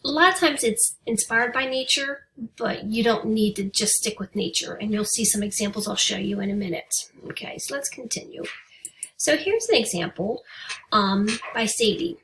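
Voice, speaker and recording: A woman teacher giving a writing lesson to young students, speaking patiently and reading example poems slowly and deliberately. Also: medium pitch, lively intonation, a bit bright, far from the mic, a little hiss or hum, poor audio. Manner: patient, encouraging. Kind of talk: recorded remote writing lesson.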